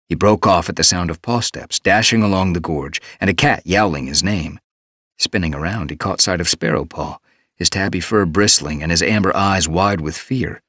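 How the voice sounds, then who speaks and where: Low male narrator, steady measured read, dead-dry booth. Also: no echo. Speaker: audiobook narrator. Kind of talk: scripted narration.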